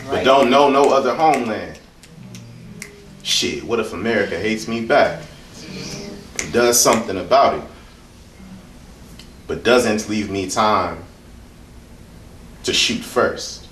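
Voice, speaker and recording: A man's voice: lowish voice, expressive, slow, long pauses, fairly bright tone, a little hiss or hum. A man performing spoken word poetry at a live reading, building rhythmic, repeated questions that rise and fall sharply in force. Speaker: featured poet. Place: hotel event room, indoors. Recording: echoey room, voice from far off.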